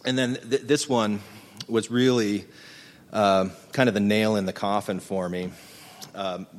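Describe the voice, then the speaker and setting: A middle-aged man with a lowish voice tells a personal story to a live audience. He speaks in an earnest, halting way and thinks aloud as he goes. His voice rings with the long reverb of a large hall. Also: steady tone, slight background noise. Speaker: speaker recounting his folklore research.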